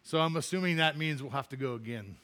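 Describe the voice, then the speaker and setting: A man's voice: on the high side, quick pace, a bit bright. A man preaching as a pastor, telling a funny personal story in a chatty way and laughing at himself before turning to scripture.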